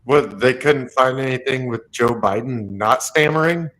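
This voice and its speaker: A man's voice: medium pitch, a little slow, fairly bright tone, poor audio. A man with a mid-range voice chiming in on a casual political podcast. He speaks in short, dry, sarcastic jabs. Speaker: podcast co-host.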